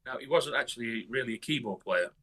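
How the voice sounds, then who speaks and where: Blunt, bright, husky-voiced man from northern England. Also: mid-range voice, animated, fast talker. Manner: blunt, heavy swearing, many restarts. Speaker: guest musician. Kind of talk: casual interview chat.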